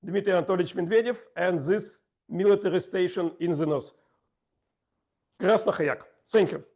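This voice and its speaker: A man's voice: high-pitched, normal speed, darkish tone. A man giving a joking, ironic impromptu speech at a speaking club.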